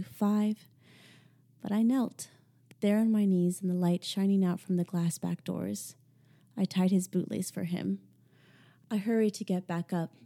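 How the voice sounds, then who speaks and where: Casual: young woman reading an audiobook, low mellow voice, hushed and wry. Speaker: audiobook narrator. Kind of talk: first-person audiobook narration.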